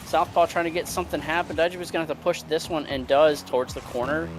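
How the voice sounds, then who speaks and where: A man casting esports play-by-play with quick running calls, later asking players questions. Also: on the high side, soft background music. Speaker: play-by-play caster. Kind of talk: esports commentary.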